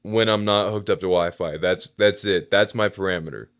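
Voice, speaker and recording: Low smooth-voiced man joking around. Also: steady tone, moderate pace, a bit bright. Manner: laid-back, joking storyteller. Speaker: podcast co-host. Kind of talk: casual comedic podcast chat.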